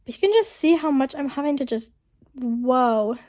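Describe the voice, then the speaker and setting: A woman's voice: high-pitched, animated, fast, dark tone. Chatty young woman with a sick voice. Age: young adult. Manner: chatty, rambling, many fillers. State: lingering sick, rough voice. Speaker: vlogger. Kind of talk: casual voiceover narration. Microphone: voiceover mic.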